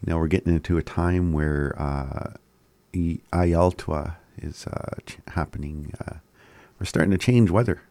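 Deep-voiced guy teaching words real slow, laughs a lot, dry sound. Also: darkish tone, no echo. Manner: slow, repeats words aloud, chuckles often. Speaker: language teacher. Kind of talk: casual spoken language lesson.

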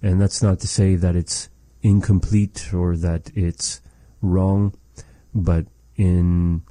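A man teaching phrases of a language, explaining thoughtfully and pausing to search for words. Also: sits low, flat delivery, mellow, no echo.

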